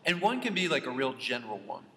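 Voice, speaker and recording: A man's voice: mid-range voice, wildly swooping pitch, quick pace, vocal fry, bright, forceful tone, slight background noise. A man co-hosting a podcast, chatting casually in an upbeat, friendly way. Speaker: podcast co-host. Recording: echoey room with long reverb, faint ambience.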